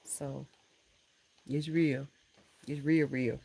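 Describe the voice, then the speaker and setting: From a room in her home, a woman hosts a relaxed live stream through her laptop's built-in camera mic. Her very deep, creaky, slightly rough voice moves very slowly as she chats warmly and affectionately with viewers, calling them honey and baby and laughing often.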